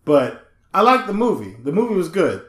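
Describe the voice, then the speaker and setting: A man's voice: high voice, moderate pace, echoey room. A man co-hosting a casual podcast chat, telling stories with lots of swearing and laughter. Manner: animated, profane, laughing storyteller. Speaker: podcast co-host.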